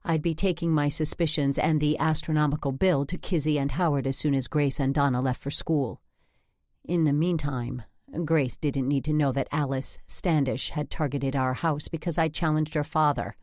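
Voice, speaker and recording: A woman narrating an audiobook in the first person, in a wry and measured way. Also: deep voice, fairly even intonation, darkish tone, dry recording, clean studio sound. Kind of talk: scripted narration.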